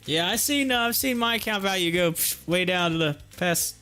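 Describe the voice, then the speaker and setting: A man's voice: high voice, animated, moderate pace, sharp tone, clear, resonant tone, faint music behind. A man hosting a live trading stream, chatting casually, reading viewer comments aloud and laughing often. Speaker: livestream stock trading host.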